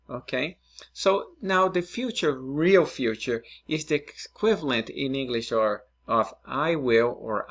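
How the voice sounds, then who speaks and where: A man's voice: mid-range voice, fairly bright tone. A man teaching a recorded Spanish lesson, explaining step by step and often checking in with his students. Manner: patient, explains step by step, checks in with "right?" and "okay?".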